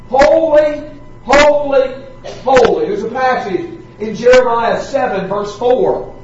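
A man with a strikingly high voice preaches in a slow, measured sermon, leaning hard on repeated words. His voice rings through a big, echoing hall, picked up from a distance with a dull, muffled tone. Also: slight background noise. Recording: echoey hall, distant mic, dull sound.

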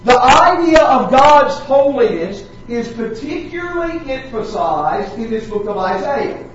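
Man, preacher, sermon, very slow delivery, heavy emphasis on repetitions, distant mic, dull lo-fi sound. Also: very high-pitched, sing-song, heavy reverb, a little hiss or hum. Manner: dramatic slow emphasis on repeated words.

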